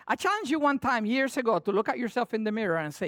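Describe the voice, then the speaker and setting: A man's voice: high voice, sing-song, fast talker, few pauses, a bit bright, dry recording. A man preaching a sermon as a pastor, emphatic and repeating his key phrases for the listeners.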